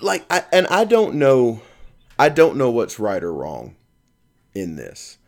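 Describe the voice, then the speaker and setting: A man's voice: medium pitch, wildly swooping pitch, slow pace, vocal fry, a little mellow. A man in his thirties hosting a casual podcast, rambling and joking with plenty of ums. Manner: rambling, jokey, lots of ums. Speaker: podcast host.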